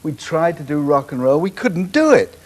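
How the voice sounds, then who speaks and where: Lively older man telling stories. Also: on the high side, normal speed. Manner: animated, acts out quoted voices, laughs often. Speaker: television producer, guest. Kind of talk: anecdotal chat show storytelling.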